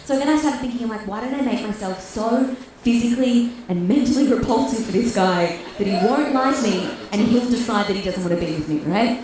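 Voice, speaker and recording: Australian woman comic, brash and animated, echoey room, heard from a distance, laughing crowd behind. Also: on the high side, fairly quick, hardly any pauses, a little hiss or hum. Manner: brash, animated storytelling with acted-out quotes. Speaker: stand-up comedian. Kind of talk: stand-up comedy set. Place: comedy club stage. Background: audience laughter.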